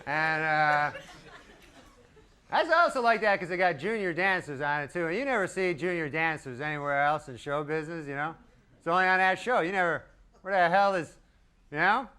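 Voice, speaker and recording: A man doing a stand-up routine in a deadpan, rambling way, chuckling at his own jokes. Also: a little high, normal speed. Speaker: stand-up comedian. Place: comedy stage with a live audience. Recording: live stage recording with loud crowd and noise.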